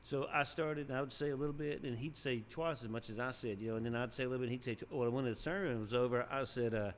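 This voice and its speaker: A man spins stories in a loose, chatty way, laughing along and pushing his voice up high when he hits a punchline. His pitch sits mid-range, and a faint hum of ambient noise runs under the recording. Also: quick pace. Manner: animated, laughs often, voice jumps up for punchlines. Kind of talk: storytelling, casual chat.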